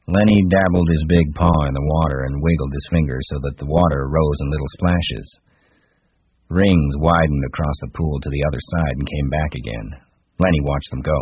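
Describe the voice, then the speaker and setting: A man reads a novel aloud with a measured, unhurried delivery in a very low, husky voice. The recording is dry and close, and the sound is a little dull. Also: dry recording. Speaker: narrator. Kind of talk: audiobook narration.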